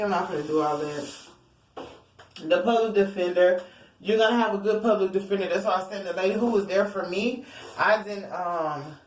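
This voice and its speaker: A woman's voice: mid-range voice, fairly quick, a little hiss or hum. A woman giving a casual tarot reading to her viewers, rambling and theatrical, often calling them y'all. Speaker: tarot reader. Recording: roomy echo, distant from mic.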